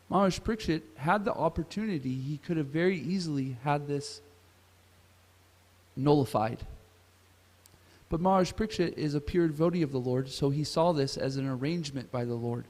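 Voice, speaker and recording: A man with a slightly high, darkish voice leads a scripture class in a temple hall, where his words echo. He retells a story and asks his listeners questions.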